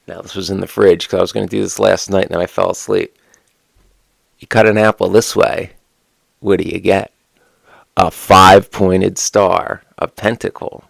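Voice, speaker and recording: A man's voice: low-pitched, gravelly, fairly bright tone, no room sound. A man talking casually to camera, musing aloud with rhetorical questions and sardonic asides. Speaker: witchcraft content creator.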